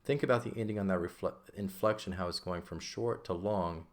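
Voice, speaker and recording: A man's voice: sits low, brisk. A man teaching a recorded Greek grammar lesson, explaining patiently and checking in with frequent "okay?" as he writes.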